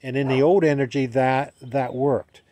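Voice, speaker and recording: A man's voice: mid-range voice, fairly even intonation, moderate pace, dark tone, a little hiss or hum. A man with a Southern US accent giving a casual, rambling spiritual monologue that restarts itself, with a light chuckle now and then. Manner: rambling, self-correcting, chuckling. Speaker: spiritual vlogger.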